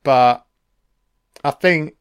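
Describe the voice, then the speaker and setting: A man talks over a film in an unhurried, loose way, peppering his remarks with swearing and chatty asides. His voice sits a bit high and comes through smooth and clear. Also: dry recording, clean studio sound. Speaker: film commentator. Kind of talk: casual solo film commentary.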